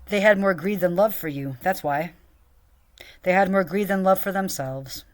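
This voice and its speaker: A young woman vlogger with a lowish voice tells a long, rambling story at a moderate pace, venting profanely about a friend and a boss. She says "like" a lot throughout the rant.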